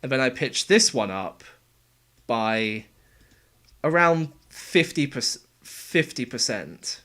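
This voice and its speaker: A young man casually explaining how he made game voices, talking in a relaxed, halting way. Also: medium pitch. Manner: halting, relaxed, with fillers and restarts. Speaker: game voice actor and sound editor. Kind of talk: casual developer commentary.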